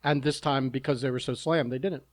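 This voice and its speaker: A man's voice: medium pitch, steady tone, brisk. Dry, teasing podcast co-host man. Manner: dry, teasing, reasonable counterpoint. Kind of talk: casual chat.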